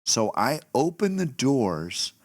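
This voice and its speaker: A middle-aged man hosting a podcast, telling a story in a casual, animated way and laughing as he goes. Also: mid-range voice, slow pace, dry recording, clean studio sound. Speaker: podcast host.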